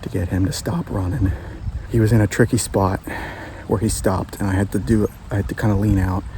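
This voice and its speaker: Excited bowhunter man outdoors, rambling. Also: fairly low pitch, brisk, noisy background. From Pennsylvania. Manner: excited, rambling, repeats himself. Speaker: bowhunter filming his own hunt. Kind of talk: casual hunting vlog to camera. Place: outdoors in the woods, in a tree stand.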